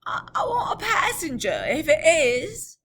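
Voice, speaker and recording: A woman voicing a hoarse male messenger who calls out from a distance, anxious and urgent. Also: high-pitched, very animated, unhurried, fairly bright tone, voice pushed up, exaggerated voice.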